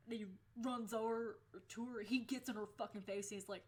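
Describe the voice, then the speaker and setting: A woman's voice: a little high, fairly quick. A young woman vlogging, casually telling a story about her school days, swearing freely and laughing as she goes.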